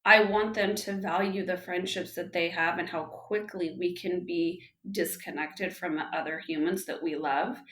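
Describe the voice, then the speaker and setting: A woman in her thirties, a podcast guest, talking casually and telling animated stories about home life. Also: lowish voice. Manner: animated storytelling, with lively quoted dialogue. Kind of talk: casual conversational interview. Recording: roomy echo.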